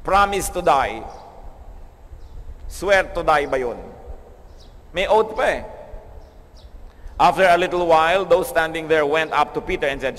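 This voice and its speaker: A Filipino man preaching a radio sermon in a slightly high voice. He slows down and softens to read scripture, and his words ring out in a long hall reverb. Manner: switches between Tagalog and English, reads scripture slowly and softly. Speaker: pastor.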